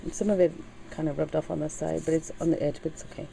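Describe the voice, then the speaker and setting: A middle-aged woman chatting casually in a craft video, halting with many fillers and getting teary as she talks. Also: deep voice, little pitch movement, gravelly, warm tone, a little hiss or hum, low-quality recording. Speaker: crafting channel host.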